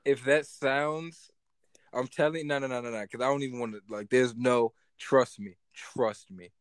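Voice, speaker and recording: A man's voice: mid-range voice, steady tone, moderate pace, clear, resonant tone, no room sound. A man co-hosting a casual podcast chat, talking animatedly, swearing and repeating himself as he jokes. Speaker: podcast co-host.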